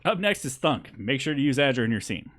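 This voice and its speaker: A man's voice: medium pitch, sing-song, fast talker, fairly bright tone. A young man running a tabletop game as game master, narrating loosely and laughing often.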